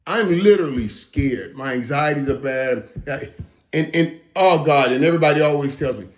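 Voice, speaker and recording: A man in his fifties hosting a casual reaction monologue, talking emphatically with stammered restarts and dropping into low mutters. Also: normal speed. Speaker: host. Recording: roomy echo.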